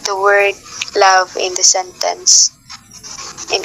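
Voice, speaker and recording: A young woman teaching a class, reading her notes at a steady pace with frequent filler sounds. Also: mid-range voice, measured pace, faint music behind, poor audio.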